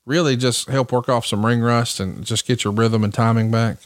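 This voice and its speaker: A man's voice: mid-range voice, fairly even intonation, moderate pace, dry recording, clean studio sound. A man hosting an interview, asking long, detailed questions. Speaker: podcast host.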